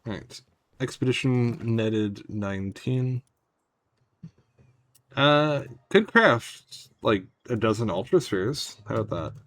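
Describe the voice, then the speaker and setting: Here a male streamer offers loose, wry commentary on his game, drifting into asides and addressing chat directly. He has a medium pitch and a fairly bright tone, sounding animated while taking things slowly.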